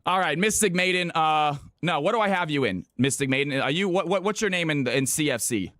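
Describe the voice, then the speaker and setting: Hyped streamer man, bright bouncy voice. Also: fairly high pitch, lively intonation, a little fast, no echo, studio quality. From California. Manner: hyped, repeats himself, thanks viewers. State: out of breath. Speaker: streamer hosting viewer games. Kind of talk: live stream chat.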